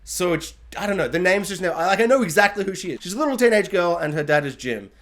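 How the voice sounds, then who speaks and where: Young male reviewer, slightly high pitch, loose chatty monologue that jumps into quoted lines. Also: fast. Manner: rambling, animated, acts out characters' lines.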